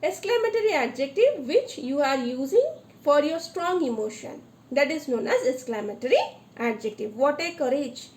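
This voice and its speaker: Brief: a woman Indian English grammar teacher, high voice, echoey room, drills examples with questions. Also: expressive, moderate pace, a little mellow. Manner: questions the class, repeats examples with emphasis. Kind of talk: classroom lesson mixing English and Hindi.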